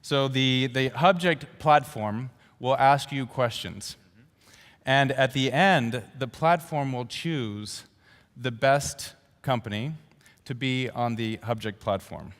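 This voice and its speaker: A man's voice: medium pitch, slow pace, a bit bright. A man hosting a mock game show on a conference stage in a theatrical, teasing manner. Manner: theatrical, teasing, sprinkles in foreign greetings. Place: conference stage in a large hall. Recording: long reverb of a large hall.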